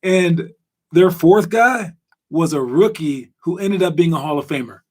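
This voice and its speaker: A man hosting a casual basketball podcast, rambling and animated with lots of fillers. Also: fairly high pitch, measured pace. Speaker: podcast host.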